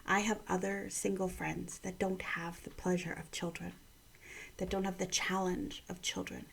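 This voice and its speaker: A woman in her thirties from Canada gives a morning devotional vlog, speaking quietly in a half-whisper so her upset child down the hall can't hear. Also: on the low side, flat delivery, normal speed, creaky, slightly rough. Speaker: mother giving a morning devotional. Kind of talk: hushed personal vlog devotional.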